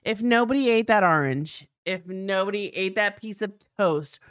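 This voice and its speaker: A woman's voice: medium pitch, animated, moderate pace, clean tone, no room sound, studio quality. A woman with a Southern US accent co-hosting a casual podcast, swearing freely and mimicking voices when she quotes people. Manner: profane, playful, mimics voices when quoting. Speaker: podcast co-host.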